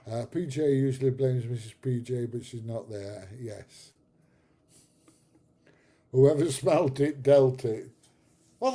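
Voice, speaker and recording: A man's voice: mid-range voice, warm tone, breathy edge. A middle-aged man hosting a casual livestream, chatting to viewers and laughing at his own stories, with the odd bit of swearing. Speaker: livestream host. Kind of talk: casual chat with live viewers.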